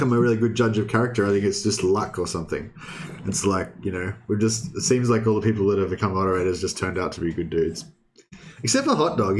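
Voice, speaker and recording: A young man streaming, chatting casually with his viewers in a rambling way, often restarting sentences and swearing. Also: on the low side. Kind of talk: casual livestream chat.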